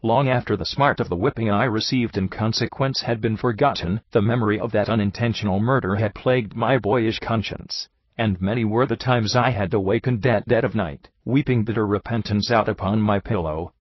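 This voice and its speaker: A man reading a first-person story aloud as an audiobook, in a measured, deliberate way. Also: fairly low pitch, slightly rough, dry recording, muffled recording. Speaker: audiobook reader.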